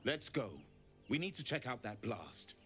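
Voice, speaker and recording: A man's voice: mid-range voice, expressive, moderate pace, fairly bright tone, soft background music, natural voice. An actor voicing a terse, practical male companion in a fantasy video game. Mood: urgent.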